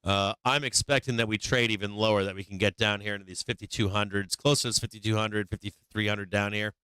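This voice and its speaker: A man's voice: on the low side, steady tone, quick pace, sharp tone, clean tone, dry recording. A man hosting a stock market live stream, talking through charts live with blunt, swearing remarks and many restarts, a bit worn in the voice as he loses it. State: losing his voice.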